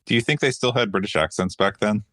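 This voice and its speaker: A man's voice: lowish voice, quick pace, fairly bright tone, no echo, studio quality. A man co-hosting a podcast, chiming in with joking interjections and playful asides. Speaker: podcast co-host. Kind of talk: casual podcast banter.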